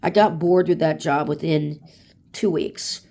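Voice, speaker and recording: A woman's voice: low voice, steady tone, measured pace, dark tone. A woman in her late forties venting bluntly in a casual monologue, swearing freely and acting out angry customers. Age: 40s. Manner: blunt and profane, acts out customers in raised voice. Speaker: vlogger.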